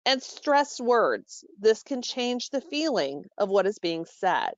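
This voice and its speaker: A woman presenting a staff training call, instructive and steady, with frequent fillers and self-corrections. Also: mid-range voice, takes it slowly, no echo, lo-fi sound. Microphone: call microphone.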